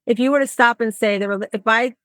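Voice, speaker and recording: A woman's voice: a little high, fast talker, a bit bright, no room sound. A woman hosting a podcast interview, chatting casually and acting out little exchanges with her clients. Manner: chatty, acts out bits of client talk. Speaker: podcast host and coach.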